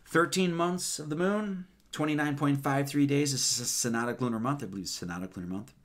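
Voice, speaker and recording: A man's voice: medium pitch, brisk. A man giving a loose, rambling sermon, counting numbers aloud with many fillers and casual asides. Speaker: preacher.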